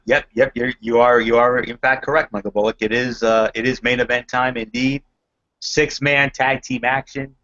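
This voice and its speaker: A man's voice: medium pitch, a bit bright. A man with an ordinary mid-range voice chats through a wrestling recap, rambling and filler-heavy but enthusiastic. The audio is a little muffled and lo-fi. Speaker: podcast host reviewing wrestling. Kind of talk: casual wrestling recap chat.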